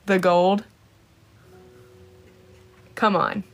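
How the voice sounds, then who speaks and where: A woman's voice: on the low side, little pitch movement, very slow, faint music behind. A woman chats loosely on a live stream as she shows her coloring pages. She greets viewers by name, swears casually, and giggles now and then. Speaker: livestreamer. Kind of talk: casual livestream chat.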